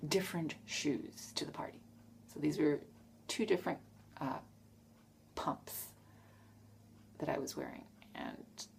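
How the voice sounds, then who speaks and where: Frank, rambling woman vlogger; low voice, plenty of fry. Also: darkish tone, slight background noise. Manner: frank, self-correcting, trails off. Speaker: vlogger answering tag questions. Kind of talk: casual rambling monologue.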